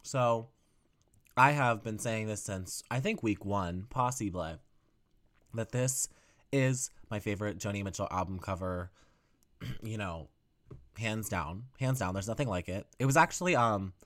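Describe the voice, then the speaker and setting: On his solo music podcast, this host speaks in a lowish voice at a slightly slow pace. He chats casually, leans heavily on filler words, pokes fun at himself, and swoops up in pitch whenever excitement hits.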